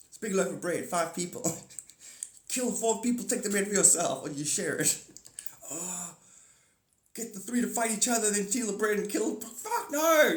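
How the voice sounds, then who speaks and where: A man hosting a live stream in casual chat, excitable, swearing often and laughing a lot. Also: high-pitched. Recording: echoey room.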